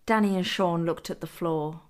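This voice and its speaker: A woman narrating her own adult story in a steady, even reading voice. Her pitch sits a little low for a woman. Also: normal speed. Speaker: author and narrator.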